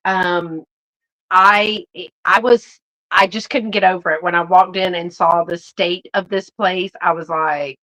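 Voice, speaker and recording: Her voice is lowish, bright and forceful, with a steady tone and a slightly slow pace, captured in a rough recording. She's a YouTube vintage reseller hosting a live stream, chatting in a bubbly, casual way with viewers she calls y'all, with many fillers and restarts.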